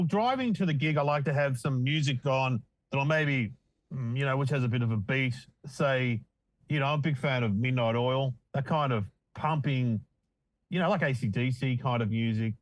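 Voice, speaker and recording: A man's voice: medium pitch, lively intonation, normal speed, no echo, low-quality recording. A middle-aged man with an Australian accent, a comedian guest telling wry, self-deprecating stories in casual chat.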